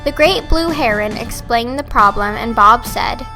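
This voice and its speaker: A woman narrating a storybook in a steady reading voice. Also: on the high side, unhurried, over music.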